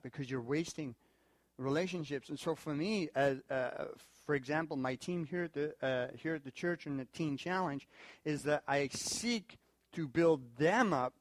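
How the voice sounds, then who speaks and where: Animated male preacher, dry close sound. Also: no room sound. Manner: animated, acts out quoted people in high voices. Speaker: pastor. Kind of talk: sermon. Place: church in Korea.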